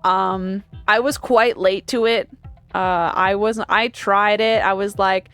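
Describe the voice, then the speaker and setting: A woman's voice: mid-range voice, fairly even intonation, slow pace, fairly bright tone, clear, resonant tone, soft background music. A woman streamer chatting casually and rambling, often laughing between thoughts.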